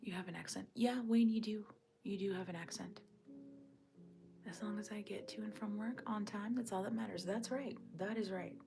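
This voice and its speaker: A woman's voice: mid-range voice, normal speed, vocal fry, soft background music. A woman hosting a casual livestream at home, chatting with viewers and answering their comments, often dropping to a whisper. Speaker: livestream host. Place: at home looking out over a snowy backyard. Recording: steady background noise.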